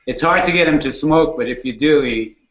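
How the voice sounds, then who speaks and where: A man chatting as a guest on a video call, mellow and slow, chuckling along. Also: fairly high pitch. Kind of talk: casual video chat. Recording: echoey lo-fi web call with faint noise.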